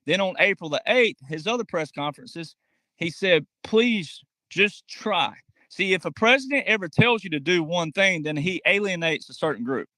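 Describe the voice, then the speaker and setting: A man's voice: high-pitched, lively intonation, brisk, bright, forceful tone, dry recording. A man delivering a political commentary monologue, emphatic and talking straight to his audience, acting out quotes in mocking voices. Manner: emphatic, addresses audience directly.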